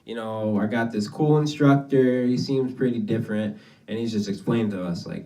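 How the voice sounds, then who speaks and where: A man's voice: fairly low pitch, quick pace, warm tone, distant mic. Profane young male stand-up comic. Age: young adult. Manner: casual, profane, rambling storytelling. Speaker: stand-up comedian. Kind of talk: stand-up comedy set. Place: small basement venue.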